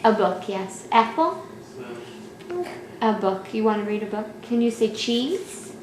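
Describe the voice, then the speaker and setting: Filming her toddler, a woman gently urges the little one to talk, asking the same brief questions over and over in a sing-song tone. She speaks on the high side, a little mellow, with lively intonation and a measured pace, in an echoey room with faint hiss.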